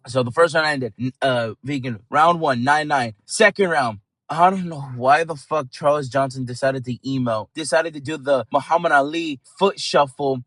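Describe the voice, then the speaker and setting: A man's voice: mid-range voice, moderate pace, a bit bright, no room sound. A man giving a casual fight recap as a channel host, talking in a heated, profane, rambling way.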